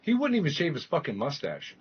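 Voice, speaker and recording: A man's voice: on the high side, husky. A man chatting casually on a game stream, swearing freely and jumping between jokes and asides. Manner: animated, swearing, quick asides and laughs. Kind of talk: casual gaming-stream chat. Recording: muffled lo-fi stream audio.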